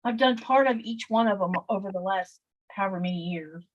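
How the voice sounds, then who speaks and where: Chatty livestream co-host, woman, mid pitch, dry and close, talks in long loose stories. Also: a little fast, no room sound, dull audio. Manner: chatty, rambling storyteller with many fillers. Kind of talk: casual livestream chat.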